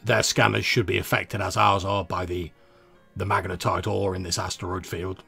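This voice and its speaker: A gruff, gravelly-edged fleet commander, played by a man who barks curt, formal orders over the comm channel, pitched low and a touch louder than the narration around him. Faint music runs underneath. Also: little pitch movement, normal speed, full character voice. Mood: commanding.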